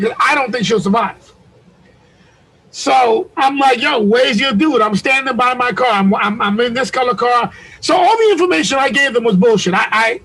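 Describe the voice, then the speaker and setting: High husky dude on a video call, cussing up a storm telling a wild story. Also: male voice, bright, forceful tone, low-quality recording. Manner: profane, heated retelling with acted-out quotes. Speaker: podcast co-host. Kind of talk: animated storytelling.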